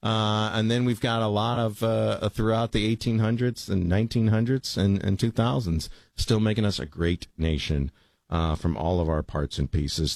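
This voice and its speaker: A man's voice: lowish voice, steady tone, moderate pace, vocal fry, darkish tone, dry recording. A man filling in as host of a late-night call-in radio show, taking a caller and wrapping up the night in an easygoing, reflective way.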